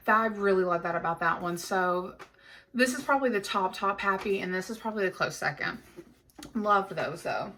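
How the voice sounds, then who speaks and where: A woman's voice: medium pitch, moderate pace, pushed and bright, a little hiss or hum. Chatty, gushing woman book vlogger. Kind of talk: casual chat to camera.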